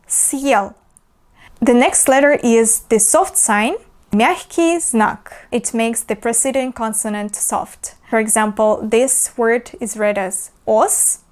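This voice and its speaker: A woman teaching pronunciation. She explains patiently, fills pauses with "uh" and repeats the example sounds. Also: fairly high pitch, clear, resonant tone. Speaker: language teacher. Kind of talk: pronunciation lesson.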